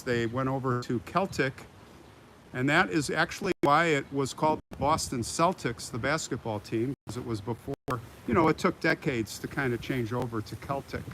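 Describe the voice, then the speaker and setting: An older American man hosting a live walking tour of a cemetery, chatting in a rambling way and answering viewer comments as he goes. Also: a little high. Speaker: livestream host. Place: outdoors in a cemetery. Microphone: phone on a live stream. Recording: harsh noisy live-stream audio.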